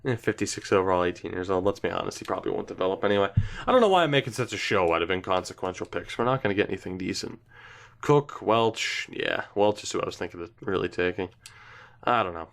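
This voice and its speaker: A man's voice: on the low side, fairly bright tone. A young man giving casual, indecisive gameplay commentary, talking to himself and swearing now and then. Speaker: gaming YouTuber.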